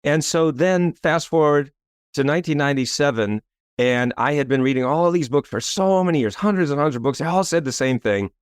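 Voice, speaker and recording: A man's voice: on the high side, fairly quick, smooth, no echo, clean studio sound. A man in his fifties, a coach and author telling a story as a guest in a podcast interview, emphatic and salesy, often tagging his points with a rhetorical question. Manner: animated, tags points with rhetorical "right?".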